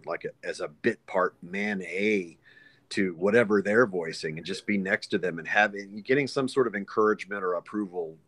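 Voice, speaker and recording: A man with a fairly low voice, talking as a guest in a relaxed interview. He tells animated stories and jumps quickly between tones as he talks. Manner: animated, lively anecdotes with quick voice shifts. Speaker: voice actor guest. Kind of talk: casual interview storytelling.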